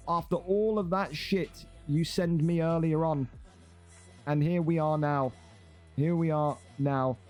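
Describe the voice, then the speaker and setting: A man's voice: on the high side, a little mellow. An exasperated, sarcastic man, ranting and swearing as a streaming league host. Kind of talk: ranting livestream commentary.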